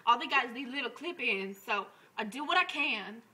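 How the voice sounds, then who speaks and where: A man voicing a brash, crude young woman who laughs through her loud improvised comic story. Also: very high-pitched, expressive, normal speed, slight background noise, exaggerated voice, poor audio.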